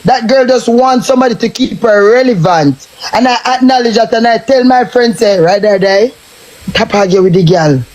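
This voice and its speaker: A man's voice: very high-pitched, moderate pace, a little mellow, low-quality recording. A man with a Jamaican accent, ranting and taunting in a cursing live stream tirade.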